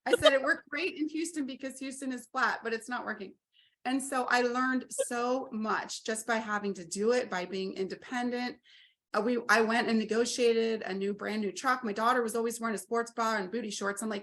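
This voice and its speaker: A woman's voice: on the high side, moderate pace. A woman in her forties, telling her story as an interview guest and acting out quoted dialogue with energy. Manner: animated, acts out quoted dialogue. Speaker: guest, RV business owner.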